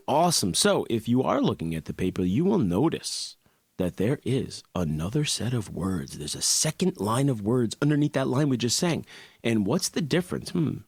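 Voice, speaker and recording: A man's voice: mid-range voice, very animated, normal speed, gravelly. A man teaching an online music class, playful and upbeat, mixing sung lines with spoken explanation. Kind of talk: online music lesson with singing.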